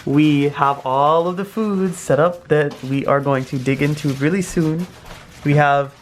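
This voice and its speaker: A man's voice: a little high, a little slow. A young man hosting a casual food vlog, talking straight to his viewers in an upbeat way. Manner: upbeat, addresses viewers directly. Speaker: vlog host. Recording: noisy handheld camera audio.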